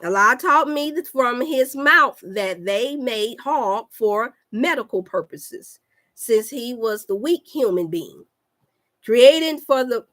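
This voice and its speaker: Woman, higher pitch, fervent preacher-style delivery, livestream health talk, repeats lines, addresses viewers directly. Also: lively intonation, slow pace, fairly bright tone. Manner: calls out to listeners with "y'all". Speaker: health coach.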